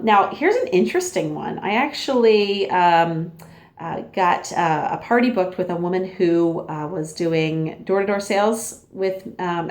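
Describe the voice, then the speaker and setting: A woman giving a casual, upbeat training talk as a sales consultant, chatty and acting out little dialogues. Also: on the low side. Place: home.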